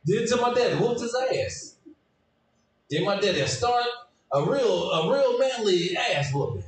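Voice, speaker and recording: Stand-up comedian with a high, shouty, animated delivery, echoey club sound from off mic. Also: male voice, a little slow, recorded from a distance, a little hiss or hum. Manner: animated, shouting, leaps between high put-on voices. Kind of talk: stand-up set.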